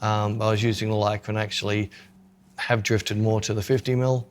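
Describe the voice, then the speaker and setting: A man's voice: lowish voice, flat delivery, a little fast, a little hiss or hum. A man co-hosting a podcast in casual chat, joking and self-mocking as he talks through his photography gear.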